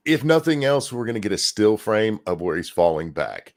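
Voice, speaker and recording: A man's voice: fairly low pitch, very animated, normal speed. A man hosting a casual podcast, telling stories in a laid-back way and swearing freely. He is sore and short on sleep. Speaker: podcast host. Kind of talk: casual chat.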